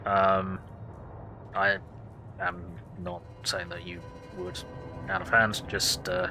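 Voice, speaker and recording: A man's voice: sits low, little pitch movement, takes it slowly, long pauses. A man hosting a let's play, reading game text aloud and commenting in a casual, sardonic way with frequent swearing. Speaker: gaming host. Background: game music.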